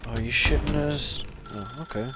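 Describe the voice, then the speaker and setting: A man's voice: medium pitch, normal speed, background noise. A man, playing a game and making grumbling, swearing asides. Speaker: gamer. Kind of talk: casual let's-play commentary.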